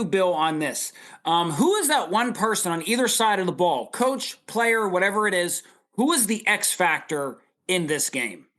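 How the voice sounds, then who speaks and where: Higher-voiced upbeat sports podcast host. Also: male voice, pushed and bright. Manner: upbeat, asks guests in turn. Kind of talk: hosting a sports talk panel.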